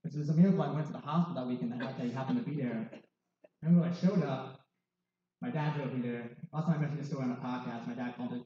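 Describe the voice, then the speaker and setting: A man's voice: medium pitch, rapid-fire, warm tone. Candid young man in an echoey hall. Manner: candid, self-mocking, wry humor. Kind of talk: personal testimony talk. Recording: distant, dull, very echoey hall.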